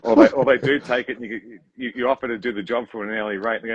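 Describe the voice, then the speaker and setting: A man's voice: fairly low pitch, fairly even intonation, very fast, few pauses, breathy edge, no echo, dull audio. An Australian earthmoving contractor guesting on a podcast, talking bluntly and swearing freely while acting out his clients. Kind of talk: casual podcast chat.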